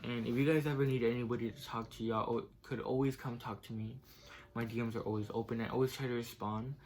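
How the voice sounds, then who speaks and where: A man's voice: mid-range voice, steady tone, fast, darkish tone. A young man casually telling a personal story in a vlog, filling his talk with "like" and "right?", getting emotional and tearful as he goes on. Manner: casual, fills speech with "like" and "right?". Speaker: vlogger.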